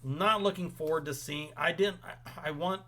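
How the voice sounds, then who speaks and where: A man's voice: fairly high pitch, normal speed, bright, forceful tone. A young man hosting a casual wrestling recap, opinionated and rambling with frequent ums. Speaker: podcast host.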